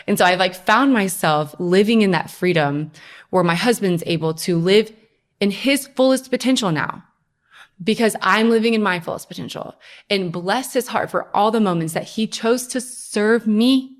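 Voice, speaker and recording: A young woman, a podcast guest, telling her personal story in a lively, conversational way. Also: mid-range voice, normal speed. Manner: animated storytelling, acts out her own past voice.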